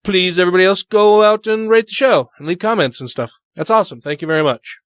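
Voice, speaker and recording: A man's voice: high-pitched, fast, a bit bright, clean tone, no room sound, clean studio sound. Congested man, loose profane podcast chat. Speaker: podcast co-host. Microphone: studio microphone.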